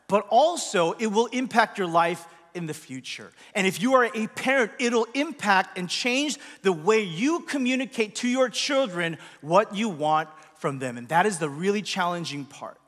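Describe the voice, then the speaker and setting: A man with a high, slightly bright voice preaches conversationally as pastor in a church hall, keeping things chatty and questioning his audience. The large hall gives the recording a long reverb.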